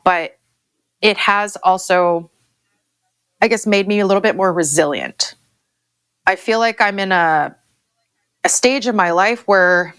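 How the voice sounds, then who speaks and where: A woman's voice: lowish voice, a bit bright, clear, resonant tone, dry recording, studio quality. A woman in her forties with a Canadian accent, a farmer speaking openly and emotionally as a podcast guest. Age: 40s. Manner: emotional, open, repeats herself. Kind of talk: candid interview talk.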